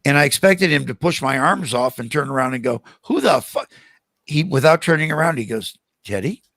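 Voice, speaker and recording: Gravelly older man telling stories. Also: mid-range voice, fast talker, dry recording. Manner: animated anecdotes with acted-out quotes. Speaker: guest. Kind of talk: casual storytelling interview.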